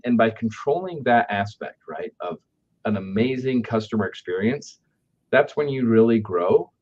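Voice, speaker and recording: A man telling stories about customer service in a conversational way, often asking "right?" to check in with the listener. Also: fairly low pitch. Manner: anecdotal, keeps asking "right?". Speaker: aftercare company speaker. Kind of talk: conversational business storytelling. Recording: dull lo-fi audio.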